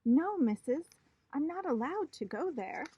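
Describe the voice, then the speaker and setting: A woman voicing a spunky, dramatic little girl who shouts and whines indignantly. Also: high voice, expressive, unhurried, highs cut off, slight background noise, voice pushed up. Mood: alarmed.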